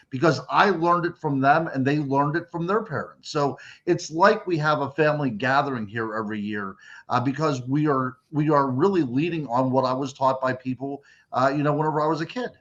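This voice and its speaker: A man's voice: medium pitch, fairly quick, fairly bright tone, lo-fi sound. A middle-aged man from Western Pennsylvania, a radio guest reflecting on family traditions in a rambling, easygoing way. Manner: reflective, rambling, many fillers. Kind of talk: casual radio chat.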